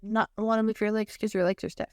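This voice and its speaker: A woman's voice: medium pitch, level tone, fast, darkish tone, no room sound, studio quality. A woman co-hosting a podcast, chatting casually with blunt, sarcastic storytelling. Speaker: podcast co-host. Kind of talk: casual chat.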